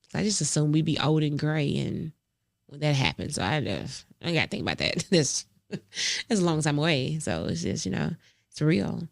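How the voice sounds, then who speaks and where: A woman in her forties hosting a podcast, speaking softly and from the heart, often halting and restarting as she reflects. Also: sits low, very animated, gravelly, no echo, studio quality. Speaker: podcast host. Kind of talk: personal reflective monologue.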